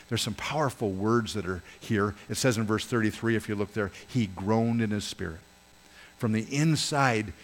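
Earnest low-voiced male pastor preaching. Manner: earnest, rises and falls in pitch and volume for emphasis; addresses congregation directly, asks them to join in. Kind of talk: sermon.

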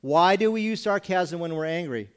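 A man preaching as a pastor, asking pointed rhetorical questions and pausing for effect. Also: high-pitched, lively intonation, clean tone. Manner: rhetorical questions with dramatic pauses; acts out congregation voices mockingly. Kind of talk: sermon.

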